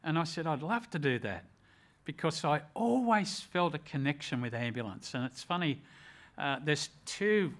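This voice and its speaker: Older Australian man, retired rescuer, earnest and measured storyteller. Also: a little high, expressive, a bit bright. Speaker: retired rescue officer, ambulance chaplain. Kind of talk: personal storytelling.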